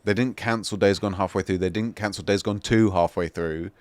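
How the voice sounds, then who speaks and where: A man's voice: low-pitched, steady tone, a little fast, no room sound. A young man co-hosting a gaming podcast, rambling with lots of fillers and emphatic asides in casual chat. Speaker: podcast co-host.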